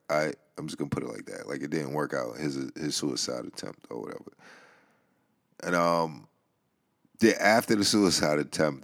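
A man's voice: a bass voice, creaky. A young man with a New York accent, hosting a casual podcast monologue in loose, profane storytelling style. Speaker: podcast host. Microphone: headphones and home mic.

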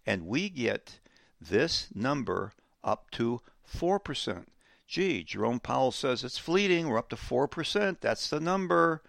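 A man hosting a financial talk show, explaining economics emphatically and repeating key words slowly for effect. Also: medium pitch, big pitch swings, creaky, a bit bright, dry recording, studio quality.

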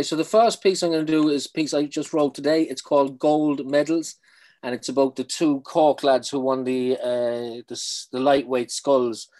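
A man's voice: medium pitch, warm tone. An Irish man, a spoken-word poet, talking earnestly in a casual interview and often repeating words as he goes. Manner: earnest, repeats words while finding them.

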